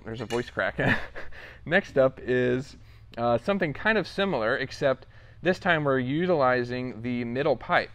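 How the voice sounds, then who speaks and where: A young man hosting a casual product walkthrough, relaxed and rambling with lots of fillers. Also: medium pitch, smooth. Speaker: product demo host.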